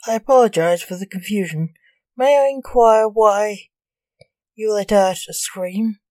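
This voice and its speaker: A woman voicing a bored, lonely female hotel ghost who speaks politely and formally, in an unhurried way. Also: mid-range voice, dark tone, no echo, natural voice.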